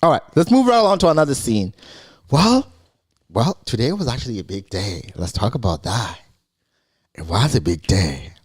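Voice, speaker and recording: Animated man recapping shows. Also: medium pitch. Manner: animated, mimics characters in quotes. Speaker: show recap host. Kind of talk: casual recap commentary.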